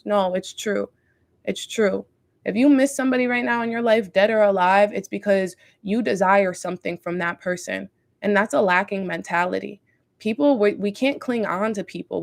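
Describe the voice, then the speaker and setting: Woman spiritual talker, gravelly texture, earnest rambling delivery with fillers. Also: medium pitch. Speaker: spiritual content creator. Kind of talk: casual spiritual talk.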